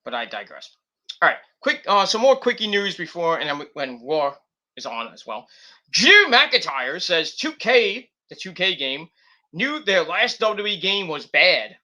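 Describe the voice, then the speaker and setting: A man's voice: high-pitched, very animated, a little slow, pushed and bright. A man streaming a casual, rambling recap of a wrestling show, full of ums and restarts. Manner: rambling, lots of fillers and restarts.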